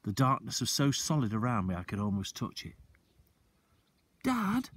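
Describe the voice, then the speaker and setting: Male teacher narrating a children's novel; low, breathy, lively delivery that slows for suspense. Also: no room sound. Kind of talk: reading a children's book aloud.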